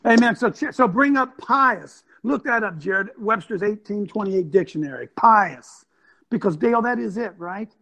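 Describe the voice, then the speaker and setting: Intense husky-voiced man preaching hard. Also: high-pitched, animated, moderate pace, sharp tone. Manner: intense and emphatic, with rhetorical questions. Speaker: host and former football coach. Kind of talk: fiery sermon-like talk to an online audience. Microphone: computer mic on a video stream.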